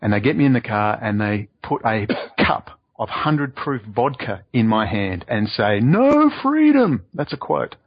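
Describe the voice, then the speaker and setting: A man speaking as a guest in a remote interview, excitable and ranting, his voice leaping up in pitch to stress points. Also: unhurried, few pauses, dry recording. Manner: excitable, ranting, voice leaps up for emphasis. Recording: dull lo-fi audio.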